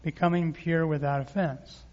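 Male pastor mid-sermon, energetic scripture reading, muffled recording with long reverb. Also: on the high side, moderate pace. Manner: lively preaching with crowd call-and-response.

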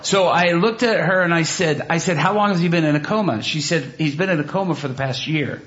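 Preacher man, slightly high voice, lively storyteller; dull lo-fi sound. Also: a little fast. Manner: animated storytelling, acts out quotes. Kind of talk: sermon with personal story. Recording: dull lo-fi recording.

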